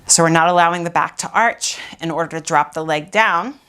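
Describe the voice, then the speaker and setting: A woman's voice: fairly low pitch, a little fast, sharp tone, clear, resonant tone. A woman pilates instructor guiding a workout while doing it herself, out of breath and sighing between cues.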